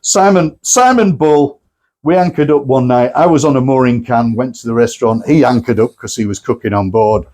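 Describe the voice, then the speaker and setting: A man presenting at a club night, telling anecdotes in a lively way and acting out the people he quotes. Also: mid-range voice, normal speed. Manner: lively storyteller, acts out quotes.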